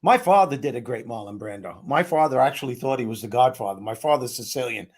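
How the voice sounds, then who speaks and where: A man's voice: mid-range voice, fast, slightly rough. A man hosting a podcast, talking casually and jokily. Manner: animated, jokey, does impressions. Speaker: host.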